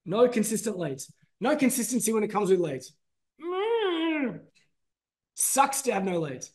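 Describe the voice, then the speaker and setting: Brief: male trainer, high voice, emphatic masterclass delivery. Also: unhurried. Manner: energetic, emphatic, calls out names to the audience. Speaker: business trainer. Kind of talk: masterclass presentation.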